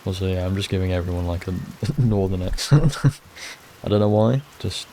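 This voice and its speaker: A man talks his way through a game in casual, rambling commentary, often trailing off. His voice is low and mellow, with faint background noise. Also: normal speed. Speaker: gameplay streamer. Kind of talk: casual let's play commentary.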